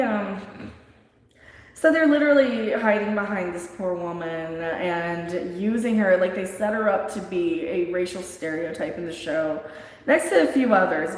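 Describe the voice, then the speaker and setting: Woman, livestream host, rambling blunt chat, frequent laughter, very echoey room with long reverb. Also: mid-range voice.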